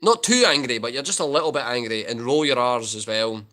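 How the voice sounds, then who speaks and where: A young Scottish man hosts a relaxed livestream, trading jokes and answering viewers in an easygoing, talkative way. His voice is bright and forceful at a middle pitch. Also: a little fast, soft background music. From Scotland. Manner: joking, chatty, reads and answers viewer comments. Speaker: livestream host answering chat. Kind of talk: casual livestream Q&A.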